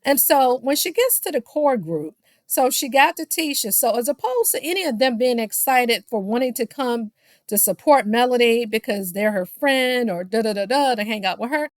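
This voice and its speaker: A woman's voice: on the high side, lively intonation, normal speed, no echo, clean studio sound. A woman recapping a reality show in a casual, gossipy way, full of sassy shade, and she keeps calling her listeners "child.". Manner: sassy, shady asides, keeps saying "child"; mimics the people she quotes.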